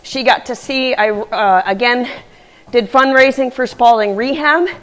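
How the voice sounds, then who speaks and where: A woman vlogging casually from a gym, chatty and earnest, a little out of breath from moving at a faster pace. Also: fairly high pitch. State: slightly out of breath. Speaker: running vlogger. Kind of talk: casual vlog talk.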